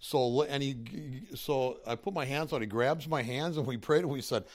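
A middle-aged man casually telling a faith testimony at a church group, rambling and animated with many restarts. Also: mid-range voice, moderate pace.

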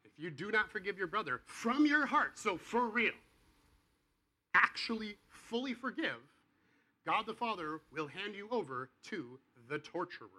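A man preaching a sermon in a casual, conversational way, acting out the dialogue of the people in his story and swinging between quiet and loud. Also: sits high, very animated, measured pace, poor audio. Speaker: pastor.

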